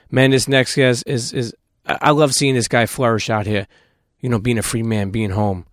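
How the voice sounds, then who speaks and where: A man hosting a live podcast in front of an audience, telling rambling, animated, profane stories and taking questions. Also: medium pitch, a little fast, hardly any pauses. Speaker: host. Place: live event space with audience.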